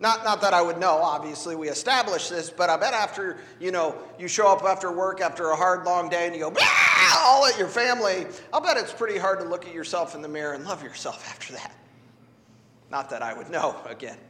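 Male pastor, high voice, playful sermon with a conversational feel, recorded in a church with reverb. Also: brisk, a bit bright, raised voice, a little hiss or hum. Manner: conversational and playful, asks the congregation for responses. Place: church sanctuary. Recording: echoey hall.

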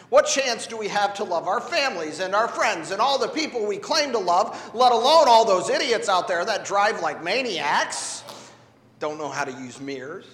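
Male pastor, high voice, playful sermon with a conversational feel, recorded in a church with reverb. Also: a bit bright. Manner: conversational and playful, asks the congregation for responses. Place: church sanctuary. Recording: echoey hall.

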